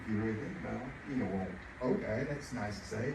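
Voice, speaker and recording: A man's voice: fairly low pitch, fast, gravelly. Chatty male preacher in echoey hall. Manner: chatty, animated, laughing at his own stories. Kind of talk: sermon with personal stories. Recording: echoey room, distant mic, noisy.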